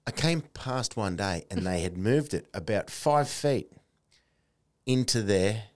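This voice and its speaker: Lively Australian man telling stories. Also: fairly low pitch, unhurried. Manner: animated storyteller, colourful slang. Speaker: podcast host. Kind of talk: casual chat.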